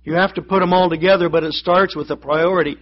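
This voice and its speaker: A man's voice: sits high, steady tone, quick pace, lo-fi sound, a little hiss or hum. A man preaching a sermon, telling a joke and doing the voices of the people in it. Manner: storytelling, acts out voices in the joke. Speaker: pastor.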